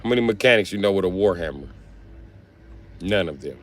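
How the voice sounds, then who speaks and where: A man's voice: sits low, expressive, fairly quick. A man who works as a mechanic, chatting casually and profanely on a livestream, joking around.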